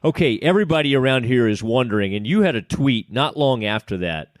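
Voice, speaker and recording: A man's voice: mid-range voice, expressive, fairly quick, no echo. Middle-aged east texan guy, jokey ad read and sports chat, dry close sound. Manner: jokey, chatty, enthusiastic. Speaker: podcast co-host. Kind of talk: casual sports podcast chat and host-read ad.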